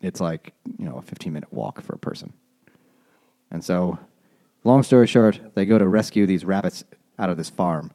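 Guy with a lowish voice riffing crude jokes on a podcast. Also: lively intonation, normal speed, warm tone. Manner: crude, jokey storyteller. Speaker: podcast host. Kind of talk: casual chat.

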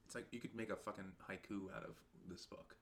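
A man's voice: on the low side, steady tone, quick pace, a bit bright. Crude, joking young man on a podcast. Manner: crude, laughing, acts out scenes. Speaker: podcast co-host. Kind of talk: casual book chat.

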